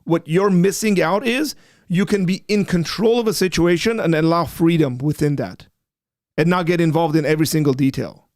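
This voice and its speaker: A man's voice: fairly high pitch, normal speed, darkish tone, no room sound, studio quality. A man hosting a discussion show, explaining patiently and turning blunt and emphatic when he rebuts an argument. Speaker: apologetics show host. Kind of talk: livestream discussion.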